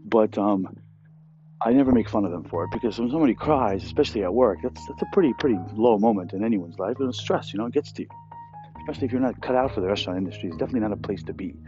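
A man's voice: on the low side, expressive, rapid-fire, warm tone. Blunt, profane man ranting. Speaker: restaurant cook. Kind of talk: profane storytelling rant. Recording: dull lo-fi with faint music.

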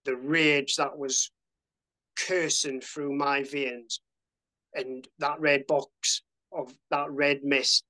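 A man's voice: mid-range voice, level tone, slow, bright, forceful tone, rough recording. A man, a podcast guest telling his story bluntly, swearing freely and fighting back emotion. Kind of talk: casual storytelling.

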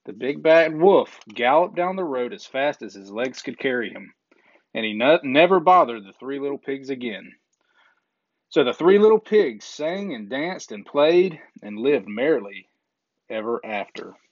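A man reading a children's story aloud in a gentle, measured way, with small slips now and then. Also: mid-range voice, expressive, no echo. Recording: dull lo-fi recording.

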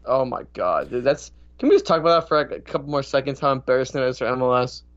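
A man co-hosting a casual soccer podcast, telling rambling, animated stories. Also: mid-range voice, quick pace, dull audio. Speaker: podcast co-host. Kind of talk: casual chat.

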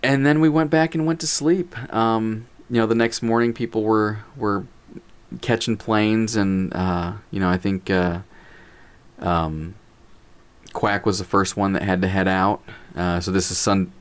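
A man's voice: lowish voice, measured pace, clear, resonant tone. A man casually telling a funny story, acting out quotes and laughing as he talks. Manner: animated, acts out quotes, laughs while telling.

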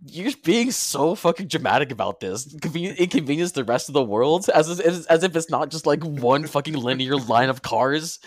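A man in a casual podcast argument whose pitch swings widely from low grumbles to high exclamations. He plays up mock outrage and swears freely, teasing his co-host. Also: lively intonation, moderate pace, few pauses, no room sound, studio quality. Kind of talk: casual heated banter.

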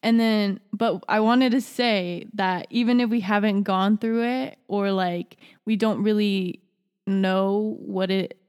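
A woman's voice: mid-range voice, steady tone, takes it slowly, a little mellow, clean tone, long reverb tail. A young woman co-hosting an advice podcast, rambling casually with many restarts. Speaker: podcast co-host. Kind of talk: casual chat.

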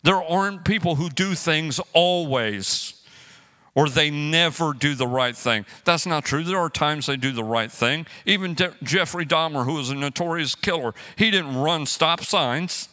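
A man's voice: fairly high pitch, a little slow. A man preaching a sermon as pastor, joking and acting out everyday quarrels as he teaches. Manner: animated, joking storyteller who acts out quotes.

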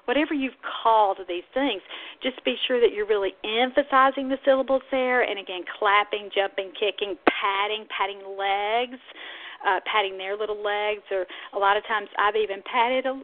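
A woman's voice: mid-range voice, steady tone, moderate pace. Woman explaining speech therapy over lo-fi audio. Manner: warm, explanatory, models toddler sounds in a sing-song way. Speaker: speech-language pathologist podcast host. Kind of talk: instructional podcast talk. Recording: phone-like narrow audio.

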